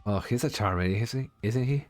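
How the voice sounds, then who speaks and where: A male streamer chatting casually over a game, playful and quick to react. His voice sits on the low side. Soft music runs in the background. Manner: playful, reacts and laughs while reading game text aloud. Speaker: VTuber streamer.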